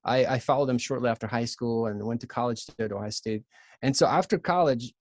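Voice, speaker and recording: A man in his thirties from Ukraine with a Ukrainian accent, a podcast guest telling his story in an earnest, halting way with many restarts. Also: medium pitch, no room sound. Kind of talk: casual storytelling.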